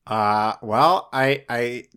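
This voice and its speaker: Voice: mid-range voice, drawn-out words, fairly bright tone, smooth. A player in a tabletop game, hesitant and restarting sentences.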